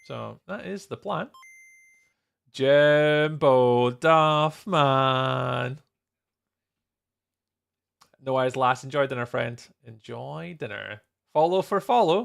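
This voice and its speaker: A man's voice: mid-range voice, gravelly, a bit bright. A Scottish man chatting casually with viewers on a live stream while he builds in a game, greeting people by name and laughing often. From Scotland.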